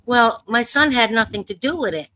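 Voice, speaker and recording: A woman with a bright, forceful voice tells her story on a live open panel. Her words come urgently and haltingly, with stumbles, restarts and blunt swearing. The sound is close and dry. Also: fairly high pitch, animated, no echo, low-quality recording. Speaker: panel caller. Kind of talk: casual live panel discussion.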